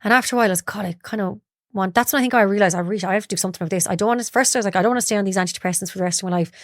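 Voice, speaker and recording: In a podcast studio, a young woman with a mid-range voice talks very fast in a clean, echo-free, studio-quality recording. As a candid interview guest, she openly confides her story and acts out what people said to her.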